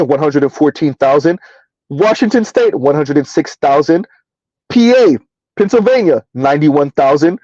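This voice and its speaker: A man hosting a casual livestream, reading numbers aloud and answering his chat in a relaxed, chatty way. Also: on the high side, no echo, dull audio. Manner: casual, chatty, addresses listeners as y'all. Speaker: livestream host.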